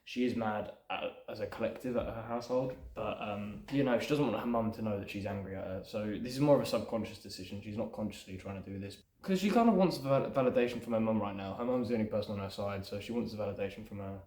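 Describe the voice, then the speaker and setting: A man's voice: fairly low pitch, quick pace, few pauses, a little mellow. A man hosting his own channel, casually breaking down a film script he is writing in a loose, rambling way full of "sort of" and "you know". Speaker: screenwriter and channel host. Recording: roomy echo.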